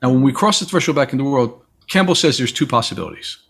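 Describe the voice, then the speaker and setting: A man's voice: mid-range voice, sing-song, fast talker, creaky, a bit bright, slightly rough. A man guest in a reflective conversation, telling stories and acting out the voices of people he quotes. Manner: storytelling, acts out quoted voices. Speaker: interview guest.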